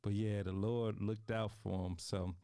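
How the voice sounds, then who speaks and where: A man hosting a casual talk show interview, playful and animated, laughing often and talking straight to his viewers. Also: fairly low pitch, unhurried, clean tone, no room sound, clean studio sound.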